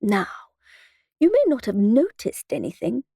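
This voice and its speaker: A man's voice: high-pitched, expressive, slow pace, dark tone, no echo, studio quality, full character voice. Woman doing a clipped, posh male ghost hunter. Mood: smooth. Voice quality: clipped, well-spoken. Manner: smooth, unflappable, courteous.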